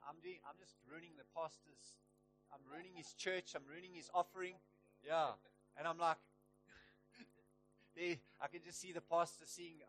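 A man preaching a sermon in church, telling a story and rising to loud, emphatic peaks. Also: a little high, steady tone, normal speed, faint music behind, low-quality recording.

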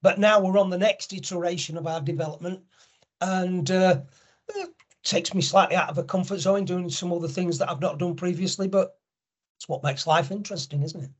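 Appearing on a podcast, a middle-aged angel network founder tells stories candidly, restarting often as he goes. He speaks in a high, steady voice with a breathy edge, moving fairly quickly.

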